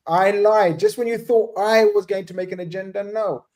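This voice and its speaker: A man hosting a casual fan panel over a video call, playful and excitable with jokey banter. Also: sits high, fairly quick. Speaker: podcast host.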